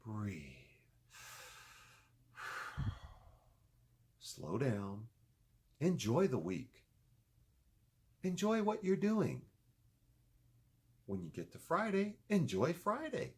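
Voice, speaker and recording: Animated, profane man vlogging advice. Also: very slow, pauses often, husky. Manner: animated, swings from loud emphatic to low muttering; profane, joking. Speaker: video blogger. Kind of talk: casual motivational vlog.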